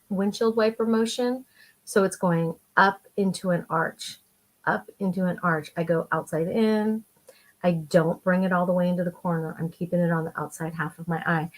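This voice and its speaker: A middle-aged woman giving a chatty, enthusiastic makeup tutorial while she applies her eyeshadow. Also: lowish voice. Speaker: makeup vlogger.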